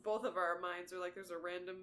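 A young woman chatting on a podcast with a bright, clear tone. She tells her stories in a lively, chatty way. Her talk is loose and casual. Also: on the low side, quick pace. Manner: chatty, animated storytelling with laughs. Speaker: podcast co-host. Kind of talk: casual chat.

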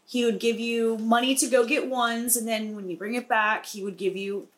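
A woman's voice: a little high, steady tone, normal speed, fairly bright tone. Chatty young woman reminiscing. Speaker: podcast co-host. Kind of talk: casual chat.

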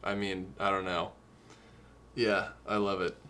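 Low-voiced man discussing songs. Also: little pitch movement, measured pace, bright, forceful tone, slight background noise. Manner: emotional, earnest, quotes lyrics at length. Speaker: podcast co-host. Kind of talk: casual music review chat.

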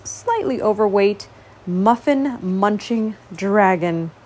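A woman reading a children's picture book aloud in a slow, expressive, gently dramatic way. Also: mid-range voice. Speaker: storyteller. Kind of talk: storybook read-aloud.

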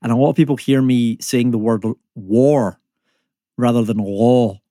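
This podcast guest, a man in his thirties who is both a climate economist and a comedian, speaks with a Scottish accent in a chatty, self-deprecating way full of fillers and false starts. He talks fast in a steady, mid-range voice with a dark tone, captured in a dry, clean studio recording.

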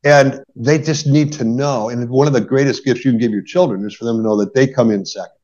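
A man's voice: medium pitch, a little fast, a little mellow. A middle-aged man, a marriage therapist, explaining conflict in an earnest conversational way, often adding "right?". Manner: earnest, explains with examples, many "right?" tags. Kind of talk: conversational podcast advice. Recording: dull lo-fi podcast audio.

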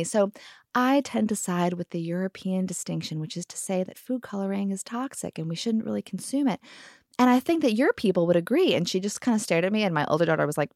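A woman's voice: mid-range voice, expressive, fairly quick, a little mellow, dry recording, studio quality. A woman in her thirties hosting a podcast, telling stories in a casual, wry and sarcastic way. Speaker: podcast host. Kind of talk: casual conversation.

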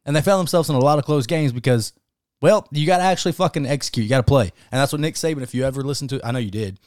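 A man co-hosting a casual sports podcast, talking in a profane, emphatic and animated way. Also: mid-range voice, rapid-fire, no echo, studio quality. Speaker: podcast co-host.

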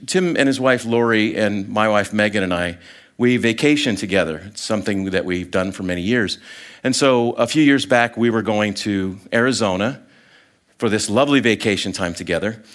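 A middle-aged man giving a sermon as a story, animated and chatty, full of fillers and restarts, acting out the people in it. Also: lowish voice. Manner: animated storyteller, acts out voices, many fillers. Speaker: guest speaker.

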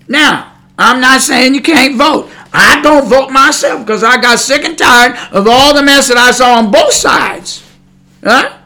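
A man's voice: very high-pitched, sharp tone. A man preaching a podcast sermon in a fiery, scolding way, with loose colloquial speech and repeated rhetorical "huh?" asides.

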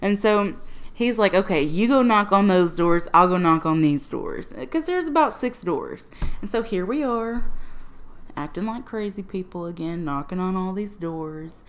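A woman recounts a day's adventure in a relaxed, chatty way. She laughs easily and jumps up in pitch when she quotes herself. Her voice sits in a middle range and stays friendly and expressive. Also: moderate pace, clean tone. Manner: animated, laughing often, quoting herself in lively asides. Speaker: refuge history project researcher. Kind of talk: casual storytelling to camera.

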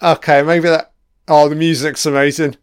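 A man's voice: a little high, little pitch movement, moderate pace, clean tone, no room sound, studio quality. A man giving crude, profane live reaction commentary while watching an episode. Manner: crude, profane running remarks.

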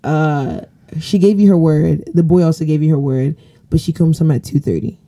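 A woman's voice: low-pitched, moderate pace, dark tone. A woman co-hosting a casual podcast, laying out parenting scenarios in a loose, laid-back way with lots of fillers. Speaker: podcast co-host.

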